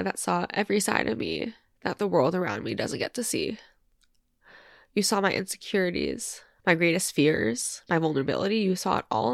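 Young woman, 20s, tearful, candid, raspy fry in her voice, dry close recording. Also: medium pitch, no room sound. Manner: emotional, candid, swears. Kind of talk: reading a letter and reflecting aloud.

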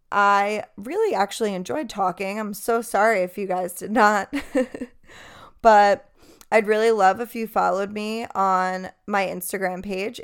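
A young woman hosting her own podcast, swearing freely as she tells an exasperated work story. Her voice is clear and smooth, and she talks casually and bluntly. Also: medium pitch. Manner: profane, exasperated. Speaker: podcast host and bartender.

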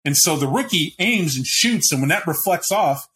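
A man's voice: fairly high pitch, expressive, moderate pace, bright, forceful tone, a little hiss or hum. Casual, rambling game master man. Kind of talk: narrating a tabletop role-playing game.

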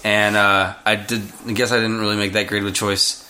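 Bright-voiced man, dry teasing. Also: lowish voice, little pitch movement, fairly quick. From Tennessee. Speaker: podcast co-host. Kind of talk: casual chat.

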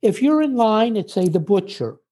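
An older man from the United States talks as a guest in a relaxed interview. His voice is warm and mellow rather than bright. He explains at a measured pace and leans on little anecdotes to make his point. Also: high-pitched, slightly rough. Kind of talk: conversational interview storytelling.

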